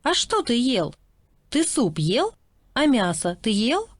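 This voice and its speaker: A woman's voice: fairly high pitch, very animated, measured pace, dry recording. A woman voicing a caring mother who fusses over her grown son on the phone in a course dialogue. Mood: fussing. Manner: fussing, questioning. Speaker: dialogue voice in a language course recording.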